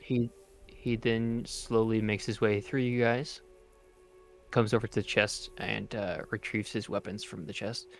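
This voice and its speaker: Low-voiced game master, halting. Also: male voice, flat delivery, soft background music. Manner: hesitant, many filler sounds. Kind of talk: narrating a tabletop game.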